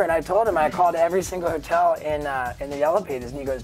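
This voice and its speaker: A man in his thirties telling stories in a casual interview, rambling and filling every pause with "like" and "you know.". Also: fairly high pitch, a little mellow, soft background music. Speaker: guest.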